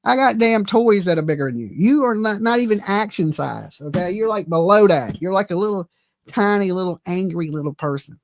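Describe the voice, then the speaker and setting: A man's voice: high voice, animated, fairly quick, dry recording, clean studio sound. A man giving casual, profane reaction commentary, mocking his subject and laughing often. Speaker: commentary streamer.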